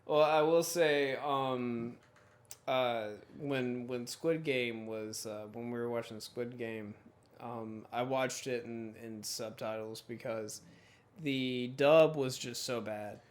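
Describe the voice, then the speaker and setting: A man's voice: mid-range voice, steady tone, takes it slowly. A man co-hosting a podcast, giving a rambling, opinionated critique in casual chat. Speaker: podcast co-host.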